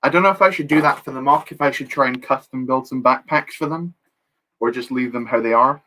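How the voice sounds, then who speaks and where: A man's voice: mid-range voice, fairly quick, sharp tone, slight background noise. Chatty young man streaming. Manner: chatty, reads chat aloud, self-deprecating jokes. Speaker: streamer building Lego live. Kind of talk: casual live-stream chat.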